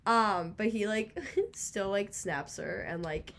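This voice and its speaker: A woman's voice: medium pitch, takes it slowly, fairly bright tone, slight background noise. A young woman guest in casual podcast chat, telling gossipy stories with lots of laughter. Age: young adult.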